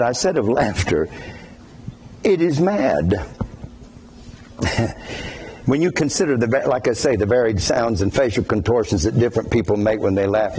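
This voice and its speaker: A man preaching a sermon as a pastor, talking in a conversational, animated way and often breaking into laughter. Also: fairly low pitch, a little hiss or hum.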